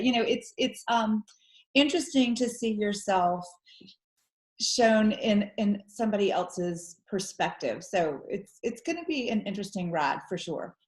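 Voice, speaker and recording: A woman's voice: medium pitch, lively intonation, measured pace. Southern woman, forties, chatty guest, laughs often, roomy echo, video call. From Southern US, Georgia. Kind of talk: casual interview chat. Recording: echoey room on a video call.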